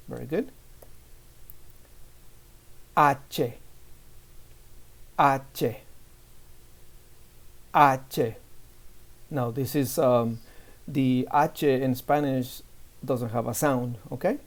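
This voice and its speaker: Slow, patient male Spanish teacher. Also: mid-range voice, fairly even intonation. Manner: slow, repeats each word three times for learners. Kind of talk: beginner language lesson.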